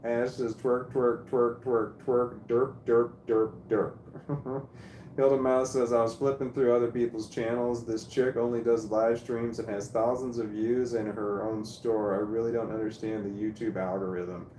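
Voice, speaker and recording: A man casually chatting on a live stream, reading viewer comments aloud in a rambling, halting way and repeating words as he goes. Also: medium pitch, little pitch movement, dark tone. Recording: roomy echo with faint noise.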